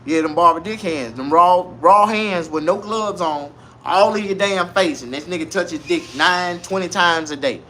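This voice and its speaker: Guy going off on a crude comic rant, high bright voice, bit of hiss behind. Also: normal speed. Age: 40s. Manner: loud, crude, animated street slang. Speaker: vlogger. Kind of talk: casual comedic rant to camera.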